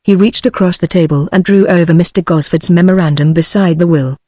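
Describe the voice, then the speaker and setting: A text-to-speech narrator reading a detective story in an even, mechanical way. The pitch sits mid-range and the sound is dry and close, with no room around it. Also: fairly quick, hardly any pauses, no echo. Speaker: audiobook narrator.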